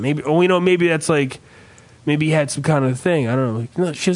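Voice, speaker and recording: Speaking a little fast with a slightly high but darkish voice, this male podcast host launches into a profane, comedic rant. His casual storytelling is full of sarcastic asides.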